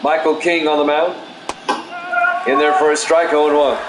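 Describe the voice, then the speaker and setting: Male play-by-play announcer, no regional accent, soothing and easygoing, chatting with viewers between pitches. Roomy, noisy home recording. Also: moderate pace. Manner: calm, self-described soothing delivery with asides. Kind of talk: solo play-by-play of a simulated baseball game, chatting with stream viewers. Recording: echoey room with loud background noise.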